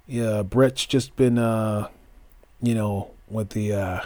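A man's voice: on the low side, steady tone, slow, dark tone, no room sound. A man hosting a solo wrestling podcast, talking casually with lots of fillers and restarts, now and then slipping into grand announcer-style flourishes. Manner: rambling, with many fillers and restarts.

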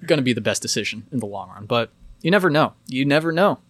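A young man in his twenties, co-hosting a podcast, telling a story in a casual, animated way. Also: mid-range voice, no echo. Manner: animated, fast storytelling with lots of quoting. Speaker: podcast co-host.

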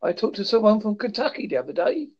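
A man from the United Kingdom with a British accent, chatting casually in a polite, halting way and repeating his words. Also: sits high, big pitch swings, a little hiss or hum. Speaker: chat partner. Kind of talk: casual chat. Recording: muffled lo-fi audio.

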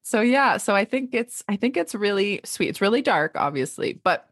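A woman's voice: mid-range voice, normal speed, no echo, clean studio sound. A woman in her thirties co-hosting a podcast, chatting expressively and laughing often as she discusses a manuscript. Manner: expressive, lively, laughs often, reads quotes aloud. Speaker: podcast co-host and literary agent. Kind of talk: casual podcast chat.

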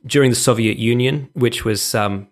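A man's voice: mid-range voice, normal speed. A man co-hosting a podcast in casual chat, joking dryly and swearing freely. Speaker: podcast co-host.

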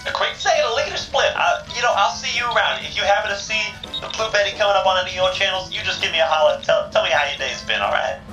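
A man voicing a tough, tattooed woman trucker who swears loudly but turns friendly, calling people honey. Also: sits high, lively intonation, racing, echoey room, music in the background, voice pushed up, rough recording. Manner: brassy, swearing, folksy drawl with "honey".

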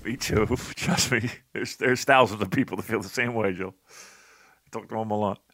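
An American man co-hosting a casual wrestling podcast, joking and teasing loudly. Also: normal speed. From United States. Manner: loud, joking and teasing, pitch leaping up and down. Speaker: podcast co-host.

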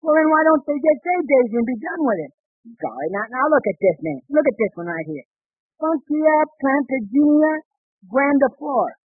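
An actor playing an excitable, bumbling young husband and father who blusters and fusses, in 1940s radio sitcom style. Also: husky, no room sound, soft background music, full character voice. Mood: blustering. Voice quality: high, fussy, quick to bluster. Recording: tinny old 1940s radio broadcast.

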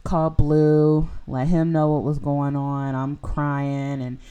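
A woman's voice: deep voice, level tone, takes it slowly, mellow, clean tone, lo-fi sound. A young woman hosting a podcast, telling a personal story in a casual, rambling way full of "like" and "you know". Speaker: podcast host.

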